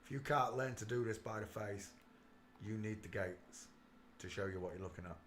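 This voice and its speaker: A man hosting a casual livestream, talking emphatically and swinging between quiet muttering and loud outbursts. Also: on the low side, normal speed, echoey room, a little hiss or hum. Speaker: livestream host.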